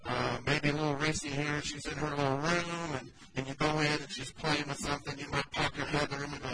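A pastor preaches in a relaxed, conversational way and slips into the voices of the people in his examples. His voice sits a little high for a man. A loud wash of background noise runs under the recording in church. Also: moderate pace. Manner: conversational, acts out quoted voices. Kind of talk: sermon.

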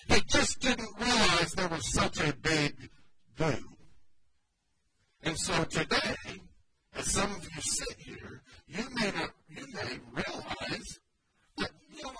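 Man preaching over loud background noise. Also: a little high. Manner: conversational, acts out quoted voices. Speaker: pastor. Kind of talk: sermon. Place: church.

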